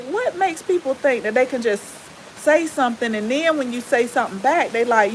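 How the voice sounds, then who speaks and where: A woman with a Southern US accent and a relaxed drawl, chatting casually with viewers as the host of a gardening channel. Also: sits high, moderate pace, slight background noise, poor audio. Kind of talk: casual live-stream chat with viewers.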